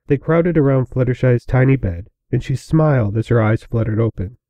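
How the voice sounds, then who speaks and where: Male storyteller, mid pitch, dull dry recording. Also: normal speed, hardly any pauses, no echo. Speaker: narrator. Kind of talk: reading fan fiction aloud.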